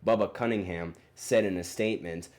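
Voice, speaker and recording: Deep-voiced man, casual solo sports podcast host, hesitant and rambling delivery. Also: brisk, a little mellow. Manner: rambling, hesitant, many fillers and self-corrections.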